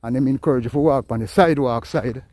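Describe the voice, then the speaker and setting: A man's voice: mid-range voice, quick pace. A Jamaican man chatting casually in patois as he walks a hillside road for his vlog, rambling and calling out greetings. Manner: lively, rambling patois talk, calls out greetings to passers-by. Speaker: vlogger. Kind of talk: casual walking vlog chat.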